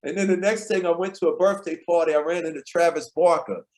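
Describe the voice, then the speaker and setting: A man, a guest on a podcast, telling lively anecdotes and acting out the people in them. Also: fairly high pitch, quick pace. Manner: tells anecdotes, acts out quoted people in lively voices. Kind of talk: animated storytelling in conversation.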